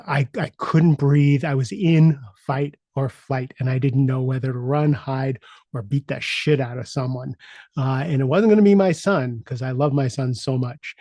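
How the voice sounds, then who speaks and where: A middle-aged man, a podcast host and executive coach, telling a personal story in a casual, halting way with many fillers and restarts. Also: mid-range voice, dark tone, no room sound.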